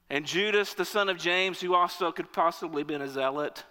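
A man preaching a sermon, lively, acting out the reactions of an imagined crowd in raised voices. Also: on the high side, fairly quick, few pauses, big-room sound.

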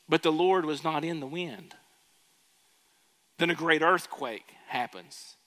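In a church sanctuary with long reverb, a man preaching as pastor weaves a story into his sermon and questions the crowd. He takes it slowly, in a fairly high voice with a fairly bright tone.

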